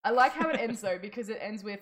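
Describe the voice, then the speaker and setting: A woman telling folk tales in casual chat with a friend, animated and swearing, acting out the characters as she goes. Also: mid-range voice, quick pace, crowd noise.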